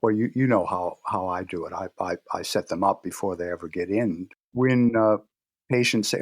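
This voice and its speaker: A man with a lowish voice talks through his work in an easy, storytelling manner. He slips into quick little acted-out exchanges with patients. The sound is dry and close, with no room around it. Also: dry recording. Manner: relaxed storytelling, acts out patient dialogue. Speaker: guest practitioner. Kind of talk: conversational interview.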